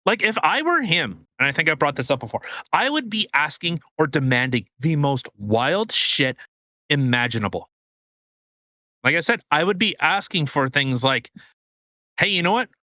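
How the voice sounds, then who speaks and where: A Canadian man co-hosting a casual podcast launches into a political rant, his bright voice slightly high for a man and sing-song at a normal speed. He rambles restlessly and profanely with many restarts, captured in a dry, close recording.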